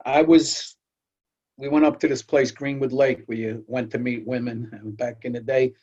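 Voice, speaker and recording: A man's voice: medium pitch, steady tone, normal speed, background noise. An older man hosting a talk, telling folksy anecdotes and often repeating words as he goes. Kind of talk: storytelling chat. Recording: dull lo-fi audio.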